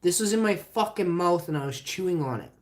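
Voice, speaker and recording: A man's voice: sits high, lively intonation, fairly quick. A man live streaming from his home kitchen, swearing heavily in an indignant casual rant. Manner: profane, ranting, indignant. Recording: roomy echoey room sound.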